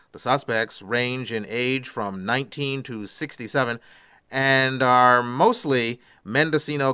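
Male radio host, bright and crisp, dry studio sound, reads odd news with sarcastic asides. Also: mid-range voice, dry recording. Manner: sarcastic asides after each story. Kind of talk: reading odd news with commentary.

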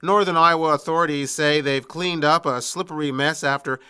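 A man hosting a comedy news roundup podcast, reading odd stories and dropping wry deadpan asides. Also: fairly high pitch, normal speed, clean tone. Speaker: podcast host.

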